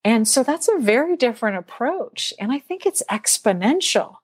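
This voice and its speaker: Animated woman in a dry, close sound. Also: on the high side, moderate pace, husky, no echo. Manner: animated, acts out her own inner voice in quotes; laughs lightly mid-sentence. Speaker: guest speaker and teacher. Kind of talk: casual interview chat.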